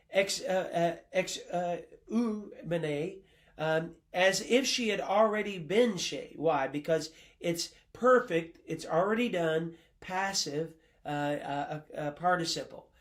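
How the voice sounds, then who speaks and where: Emphatic high-voiced male Bible teacher. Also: takes it slowly. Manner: emphatic, quotes sources, frequent uh fillers. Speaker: Bible college professor. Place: classroom.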